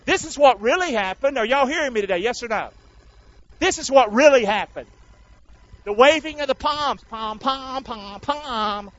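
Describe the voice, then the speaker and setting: A man preaching a sermon, calling out questions to the congregation and acting out crowds and soldiers. His voice sits high for a man. The recording is dull and lo-fi. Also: animated, normal speed, fairly bright tone. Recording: dull lo-fi sound.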